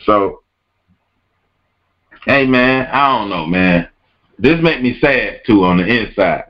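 A man's voice: on the low side, lively intonation, takes it slowly. Man ranting on a lo-fi podcast. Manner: emphatic, repeats words and phrases, calls the listener "bruh". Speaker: podcast host. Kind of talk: podcast rant.

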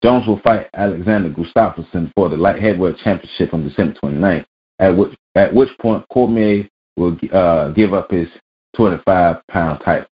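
A man with a low voice reads out sports news and then rants about it, blunt and full of curses. He hosts a weekly rant show. The sound is dull and lo-fi. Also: normal speed. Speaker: vlog host. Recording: dull lo-fi recording.

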